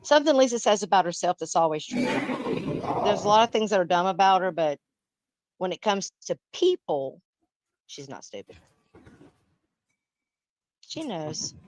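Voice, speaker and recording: A woman's voice: lowish voice, big pitch swings, unhurried, long pauses, darkish tone, low-quality recording. A middle-aged woman, hosting a live stream in blunt, profane, emphatic casual chat.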